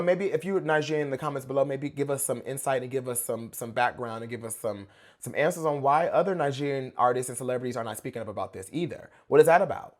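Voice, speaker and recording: A man from the United States hosting a reaction commentary, blunt and sassy, with lots of slang and asides. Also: mid-range voice. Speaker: host and pop-culture commentator.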